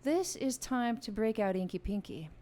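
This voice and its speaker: A woman's voice: on the high side, animated, normal speed, warm tone, a little hiss or hum. Playful, chatty woman hosting a live online game, talking straight to viewers on a studio mic. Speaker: music channel host running a live game. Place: home music room with a piano. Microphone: studio vocal mic.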